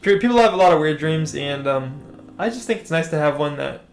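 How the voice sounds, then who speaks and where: A man's voice: on the high side, animated, brisk. A young man telling a story in a rambling, hesitant way, full of fillers and restarts. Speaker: storytime vlogger.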